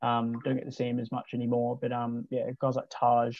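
Laid-back Australian teen, flat-voiced. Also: male voice, mid-range voice, fairly quick, no room sound. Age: late teens. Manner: laid-back, many ums and restarts. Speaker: guest, junior footballer. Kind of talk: casual interview chat. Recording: dull lo-fi dry recording.

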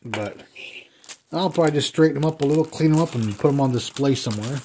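A man in his fifties at home, talking through an unboxing of die-cast cars in a relaxed, rambling way, with plenty of ums and uhs. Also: medium pitch, normal speed, pauses often, a little hiss or hum. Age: 50s. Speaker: die-cast car collector and customizer. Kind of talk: casual unboxing vlog. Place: indoors at home.

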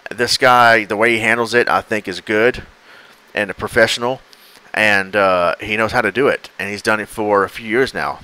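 A man co-hosting a casual podcast conversation, his voice bright and forceful. He rambles through his points and breaks into little acted-out exchanges. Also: on the low side, steady tone, moderate pace, clean tone, low-quality recording. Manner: rambling, laughs, acts out quoted exchanges. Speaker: podcast co-host. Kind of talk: casual chat.

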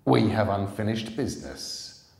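A relentless killer speaks low and slow, his voice a quiet growl full of menace, as a man reads him aloud. The words come deep and unhurried. They ring in a roomy, echoing space. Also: lively intonation, creaky. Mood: menacing. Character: menacing adult male killer, cold and relentless.

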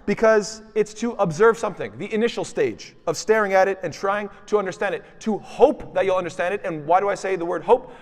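A man's voice: high voice, in a large hall. A man giving a religious lesson, explaining words step by step and posing questions he then answers himself. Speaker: teacher.

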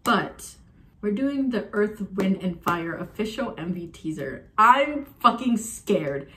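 A young person in their twenties reacting on camera at home, excitable and swearing freely, swinging between low mumbles and loud outbursts. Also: measured pace. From Arizona, USA. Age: 20s. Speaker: K-pop reaction YouTuber. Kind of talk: casual reaction vlog. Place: room at home. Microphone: phone camera.

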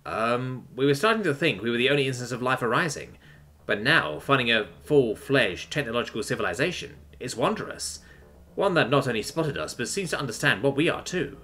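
A man voicing a friendly, earnest human captain who speaks warmly and apologetically. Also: medium pitch, lively intonation, brisk.

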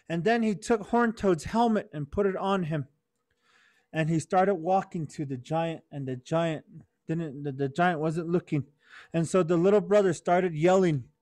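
A man tells a traditional story to children in a gentle, teacherly way, checking in often with his listeners. His voice is fairly high for a man. The sound is dry and close, with no room echo. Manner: gentle teacherly, often asks "right?" and "okay?". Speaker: storyteller for youth.

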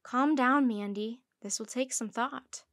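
A woman reading a calm gentle mother. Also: a little high, dry recording, clean studio sound. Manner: soothing, measured.

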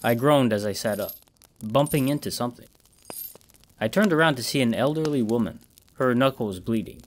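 A man narrating a first-person horror story in a measured storytelling manner. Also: medium pitch, slight background noise. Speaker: audiobook narrator.

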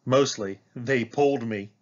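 A man reading a children's picture book aloud in a slow, expressive way, as a teacher for a class. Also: medium pitch, lo-fi sound.

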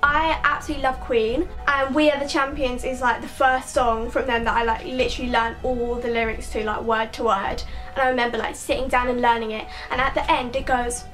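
Woman, vlogger, high voice, chatty and emphatic, faint music behind. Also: flat delivery, brisk, fairly bright tone. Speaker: YouTuber. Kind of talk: casual vlog chat.

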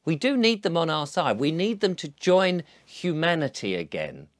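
A man talks straight to camera in a loose, rambling monologue, earnest and coaxing. His pitch swings widely from line to line. He often restarts mid-phrase as he goes. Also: big pitch swings, moderate pace, no echo, clean studio sound. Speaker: video blogger.

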